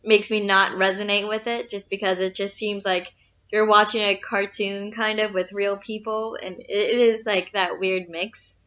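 A woman's voice: mid-range voice, level tone, moderate pace, pushed and bright. A woman co-hosting a casual movie podcast, easygoing and giving her opinion. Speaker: podcast co-host. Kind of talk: casual movie review chat. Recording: slightly dull, lo-fi sound.

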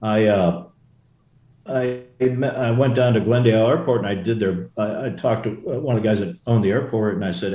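An older man with a low, mellow voice recalls his flying days in a relaxed interview. He rambles, restarting sentences and wandering into asides. The room around him sounds echoey. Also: normal speed, dull audio. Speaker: former Marine aviator guest. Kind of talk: casual interview storytelling. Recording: roomy echo.

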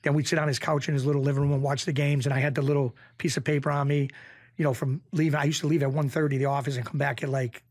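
Man from Springfield, Massachusetts, middle-aged, gravelly voice, rambling animated storytelling, dry close sound. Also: on the high side, fast, no room sound. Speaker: podcast guest, former mob bookie. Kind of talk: casual storytelling interview.

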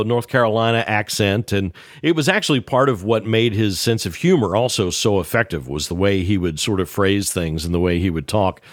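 A man with a lowish voice recounting an anecdote, moving along briskly and acting out the dialogue. The sound is close and dry, with no room around it. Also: no room sound. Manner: lively anecdotal telling with voiced quotes. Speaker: banjo player sharing a memory. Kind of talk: storytelling.

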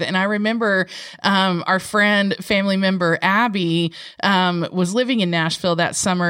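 A woman's voice: mid-range voice, fairly bright tone, no echo, clean studio sound. A woman, co-hosting a podcast in casual chat, laughing often and telling rambling stories. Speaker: podcast co-host.

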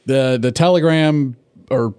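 A man co-hosting a podcast in casual chat, rambling and swearing as he recaps a cartoon episode and acts out lines in quick bits. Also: mid-range voice, darkish tone, clear, resonant tone, no room sound. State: has the hiccups. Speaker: podcast co-host.

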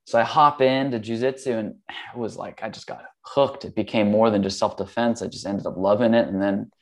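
A man in his forties, a guest in casual conversation, telling stories in a relaxed, rambling way full of fillers and restarts. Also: lowish voice, a little fast. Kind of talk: casual storytelling.

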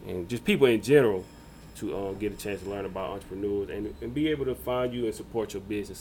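Low-voiced man hosting a podcast. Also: a little hiss or hum, rough recording. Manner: relaxed and reassuring, loose with fillers. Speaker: podcast host. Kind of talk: casual interview.

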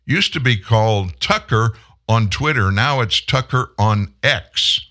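Low animated male host. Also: unhurried. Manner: conversational, playful asides. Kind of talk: show introduction.

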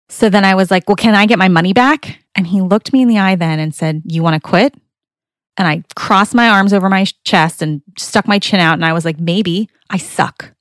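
A woman's voice: on the low side, no echo, studio quality. A woman hosting a show for moms, giving an upbeat, confiding talk straight to the listener. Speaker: podcast host. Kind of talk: scripted motivational talk.

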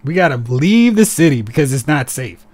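A man co-hosting a casual podcast, talking in an animated, sarcastic way and slipping into mocking voices. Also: fairly high pitch, moderate pace. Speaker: podcast co-host. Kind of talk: casual chat.

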